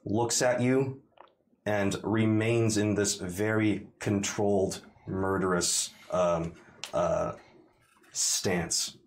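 A man narrating a tabletop game as dungeon master, describing the action in a halting way with many pauses. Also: lowish voice, steady tone, slight background noise. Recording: roomy echoey room.

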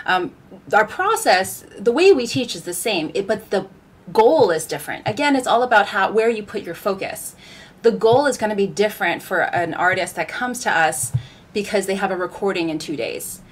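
Upbeat woman host of a live stream. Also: medium pitch. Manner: upbeat, direct address to viewers. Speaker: vocal coach and show host.

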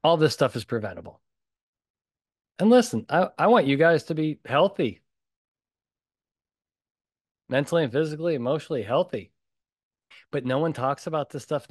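A man's voice: medium pitch, no echo, studio quality. Blunt, punchy male podcast host. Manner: emphatic and animated. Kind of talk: solo podcast talk.

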